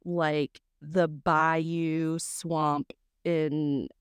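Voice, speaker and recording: A young adult woman, co-hosting a podcast and telling a story in a lively, casual way that acts out what people said. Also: sits low, very slow, clear, resonant tone, no echo. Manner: animated storyteller who acts out quotes and swears casually. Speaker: podcast co-host.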